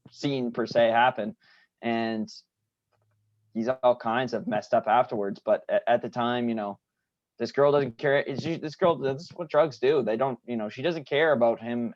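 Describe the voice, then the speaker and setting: A man's voice: mid-range voice, darkish tone, no room sound. A man co-hosting a podcast, casually discussing a TV episode in a loose way, full of "you know" fillers. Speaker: podcast co-host. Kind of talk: casual show recap chat. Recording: dry, dull lo-fi sound.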